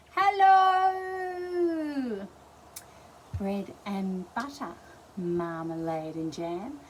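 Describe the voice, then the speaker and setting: Slow sing-song Australian librarian. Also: female voice, fairly low pitch, a little hiss or hum, poor audio. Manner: sing-song, gentle and encouraging. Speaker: children's librarian. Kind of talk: toddler storytime reading and songs.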